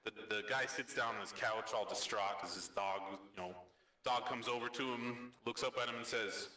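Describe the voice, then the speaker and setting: Brief: relaxed male host, bright tone, heard from a distance in a roomy space. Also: normal speed. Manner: easygoing, voices characters with raised pitch. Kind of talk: joke telling and hosting.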